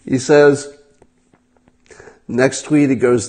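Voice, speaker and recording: A man's voice: mid-range voice, expressive, a little slow, darkish tone. Wry man talking to his livestream viewers. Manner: wry, incredulous, talks straight to viewers. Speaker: livestream host. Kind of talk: casual livestream commentary.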